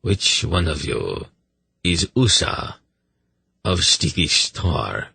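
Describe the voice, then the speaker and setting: A sinister, hollow-voiced old high priest speaks slowly and without feeling, put on by a male narrator. His voice sits low and gravelly, with a husky edge. He sounds dry and close. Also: very animated, sharp tone, no room sound, exaggerated voice. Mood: cold commanding. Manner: cold, non-committal, slow and commanding.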